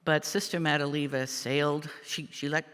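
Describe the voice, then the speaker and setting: An older man giving a church meditation, telling a family story in a halting, reflective way with many pauses and fillers. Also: a little high, level tone, fairly bright tone, smooth. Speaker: lay speaker giving a meditation. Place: church sanctuary. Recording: long church reverb.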